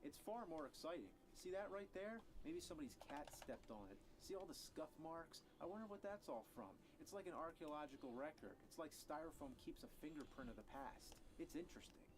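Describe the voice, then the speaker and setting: A man giving a comedic rant review of a video game, sarcastic and profane, breaking into angry yells. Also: on the high side, lively intonation, fairly quick, few pauses, background noise.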